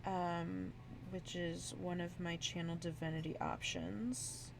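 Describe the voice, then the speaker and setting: Hesitant, creaky-voiced woman thinking aloud. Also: lowish voice, level tone, slow, a little hiss or hum. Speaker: player. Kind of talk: tabletop game chat.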